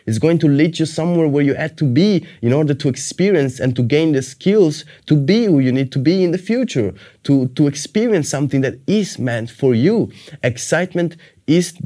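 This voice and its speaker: A man's voice: fairly high pitch, mellow. A man giving a motivational course talk, repeating and building his phrases with emphasis. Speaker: course teacher.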